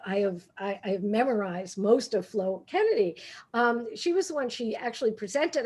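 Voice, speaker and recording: A woman in her sixties from Brooklyn tells funny stories with a brash, quick-witted delivery. Her voice sits high and swoops up and down as she acts out the exchanges. She talks like she is used to firing right back. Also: husky. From Brooklyn, New York. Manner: brash, quick comebacks, animated storytelling. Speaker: guest speaker. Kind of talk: humorous storytelling talk.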